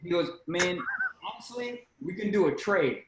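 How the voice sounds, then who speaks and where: A man's voice: high voice, huge pitch swings, moderate pace, vocal fry, roomy sound, noisy background. A young man, a comedian guest, telling a story in casual chat, swearing freely and acting out the voices in it.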